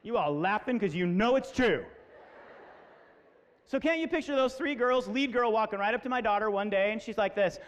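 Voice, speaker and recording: A man in his forties with a high-pitched voice tells comic stories to students at a school assembly, speaking at a moderate pace and animatedly acting out voices. The recording echoes in the school hall, with slight background noise.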